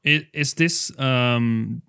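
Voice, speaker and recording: A man's voice: mid-range voice, very slow, creaky, pushed and bright, smooth, dry recording, clean studio sound. A man in a casual podcast chat who cuts in with short questions and reactions.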